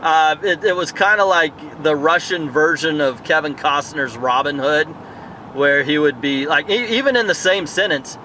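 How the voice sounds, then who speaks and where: With slight background noise around him, a man with a fairly high, pushed, bright voice reviews a movie at a moderate pace. It's a casual, rambling take full of fillers and tangents, as if he's thinking aloud. He's outside in a town area at night.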